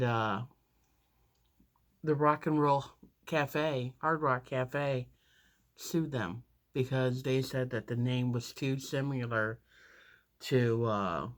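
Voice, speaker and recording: A woman's voice: extremely low pitch, steady tone, drawn-out words, pauses often. A woman in her fifties telling a story casually while doing her makeup, rambling with lots of fillers and restarts.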